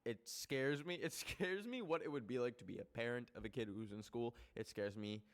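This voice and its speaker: A young man hosting a casual podcast, rambling with lots of filler words and swearing, jumping from loud outbursts to soft muttered asides. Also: medium pitch, normal speed. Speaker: podcast host.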